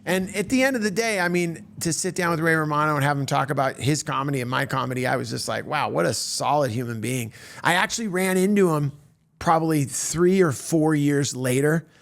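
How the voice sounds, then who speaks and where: An animated male comedian tells a self-mocking story. His speech tumbles over itself with restarts and quick asides. His voice sits a touch high for a man. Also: creaky. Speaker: stand-up comedian.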